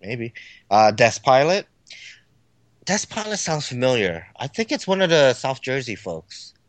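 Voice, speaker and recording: A man's voice: mid-range voice, very animated, a little slow. A man hosting a hobby podcast, casually reading out listener names and plugging the show's links. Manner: easygoing, reads out listener names and plugs. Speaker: podcast host.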